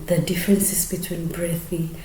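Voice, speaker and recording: Young woman, low-pitched, slow and hesitant, home vocal tutorial with faint background noise. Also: flat delivery, warm tone. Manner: hesitant, many fillers, drops to near whisper. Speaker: amateur singer sharing tips. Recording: echoey room with faint ambient noise.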